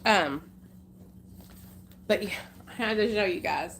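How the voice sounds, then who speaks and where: A woman's voice: medium pitch, slow pace, vocal fry, a bit bright. Arkansas country gal chatting on her livestream, folksy, calls everyone honey, bit of faint noise behind. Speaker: livestream host. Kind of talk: casual livestream chat with viewers.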